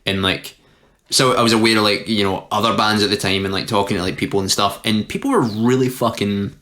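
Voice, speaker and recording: A man's voice: fairly low pitch, fairly quick, a bit bright. A Scottish man co-hosting a podcast, telling stories in sweary, casual banter. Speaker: podcast co-host. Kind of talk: casual chat.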